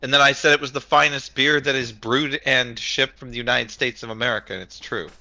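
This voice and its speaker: A man's voice: medium pitch, steady tone, brisk, vocal fry, pushed and bright, poor audio. A man chatting casually on a stream, blunt and matter-of-fact, swearing freely. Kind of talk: casual chat.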